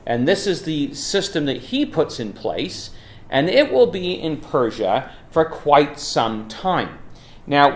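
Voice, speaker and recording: A man's voice: medium pitch, roomy sound. A man giving a casual, chatty talk on history with lots of ums and uhs. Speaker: Bible talk speaker. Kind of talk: informal lecture on history.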